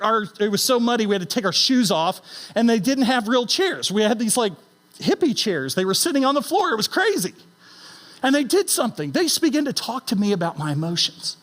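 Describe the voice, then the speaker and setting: A middle-aged man giving an inspirational stage talk, emphatic and animated, asking the audience rhetorical questions. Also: sits high. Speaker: founder and CEO giving a conference talk. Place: conference stage.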